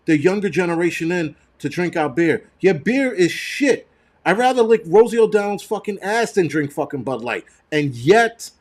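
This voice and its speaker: A man rants on a live stream, blunt and foul-mouthed, his voice sitting a little high. He trips over his own words, restarting and repeating himself as he fumes. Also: a little mellow. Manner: angry, profane and blunt. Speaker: livestream host.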